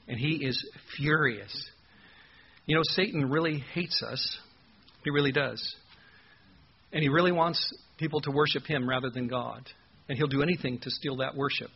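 A man's voice: on the high side, breathy edge, dull audio. A man preaching an expository sermon, earnest and emphatic, asking his listeners rhetorical questions. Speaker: pastor.

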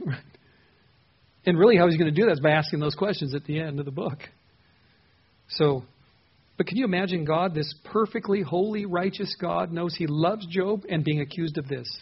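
A man with a somewhat raised, husky voice teaches a Bible passage in a conversational way. He asks his listeners questions and repeats words as he thinks aloud. The recording sounds muffled and lo-fi. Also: fairly high pitch. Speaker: pastor.

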